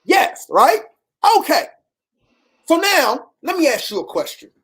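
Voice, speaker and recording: A woman's voice: sits high, very animated, unhurried, a bit bright. A woman, telling a personal story in a casual, preachy way, repeating questions and acting out the people she quotes.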